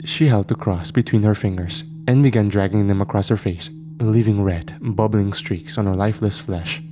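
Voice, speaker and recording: Low, mellow male horror narrator. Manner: measured, steady storytelling. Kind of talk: scripted first-person horror narration. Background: faint background music.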